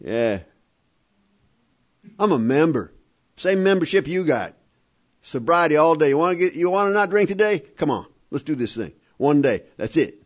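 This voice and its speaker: A man's voice: mid-range voice, very animated, moderate pace. Emphatic man sharing at a meeting. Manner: emphatic, repetitive, wry storytelling. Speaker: speaker at a recovery meeting. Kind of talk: personal recovery talk to a live group.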